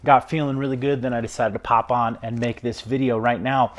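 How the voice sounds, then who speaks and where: A man's voice: medium pitch, steady tone, brisk. A man talking earnestly and enthusiastically in a casual video diary at home. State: out of breath. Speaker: vlogger.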